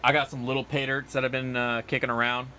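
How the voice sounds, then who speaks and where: A man's voice: mid-range voice, flat delivery, fast talker, pushed and bright, a little hiss or hum. A man hosting a casual livestream outdoors, rambling and chatty as he answers viewer comments. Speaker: livestream host.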